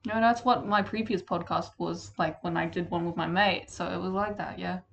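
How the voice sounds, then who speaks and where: A woman's voice: fairly low pitch, fairly even intonation, normal speed, creaky, slight background noise. A young woman from England co-hosting a casual podcast, blunt and sweary, laughing often as she chats with a friend. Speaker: podcast co-host. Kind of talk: casual chat.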